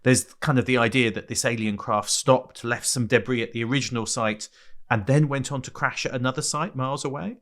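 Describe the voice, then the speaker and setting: A male podcast co-host with a British accent. He speaks in a dry, teasing way at an even, middle pitch. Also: fairly quick. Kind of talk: casual podcast chat.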